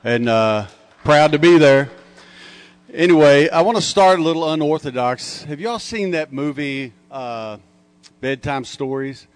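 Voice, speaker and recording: A man's voice: on the high side, expressive, a little slow, clean tone. A man speaking to a conference crowd in a punchy, joking, mocking way. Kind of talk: lively conference talk with audience call-and-response. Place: conference hall.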